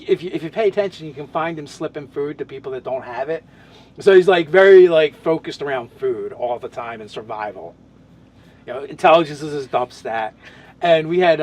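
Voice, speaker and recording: A man's voice: a little high, a little mellow. A man in casual podcast chat, describing his tabletop game character, talking in loose, rambling sentences full of restarts and fillers.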